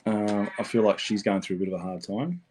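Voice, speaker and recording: A man's voice: fairly low pitch, fairly even intonation, brisk, over music. A man giving a casual psychic tarot reading, rambling and repeating himself, swearing freely.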